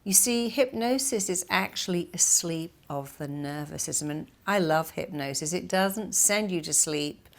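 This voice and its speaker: A middle-aged woman therapist speaks in a slightly low voice, teaching with emphatic energy. She acts out the inner voices she describes in quick little quotes, in a motivational style. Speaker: therapist and hypnotherapist.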